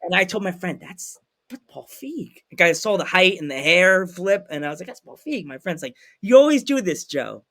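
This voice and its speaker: A man hosting a podcast, telling a story in a lively, animated way and acting out the people in it. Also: sits high, moderate pace. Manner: animated, acts out voices in anecdotes. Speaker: podcast host. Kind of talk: casual storytelling chat.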